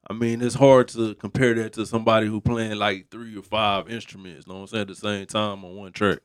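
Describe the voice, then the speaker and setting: A man's voice: medium pitch, no room sound, clean studio sound. A man in a casual podcast chat, reasoning aloud in a thoughtful, hesitant way.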